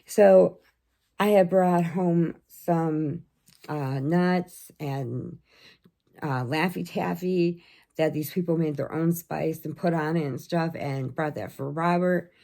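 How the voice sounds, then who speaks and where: Middle-aged American woman, low-pitched, chatty storyteller with frequent laughs. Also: slow, creaky, mellow. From United States. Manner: chatty storyteller, laughs often, acts out quotes. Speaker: vlogger. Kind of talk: casual chat.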